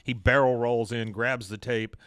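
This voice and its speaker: A man hosting a podcast, recapping an episode in casual chat, animated, breaking into loud high-pitched quotes and laughing often. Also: normal speed, smooth, dry recording, studio quality. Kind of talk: casual chat, retelling scenes.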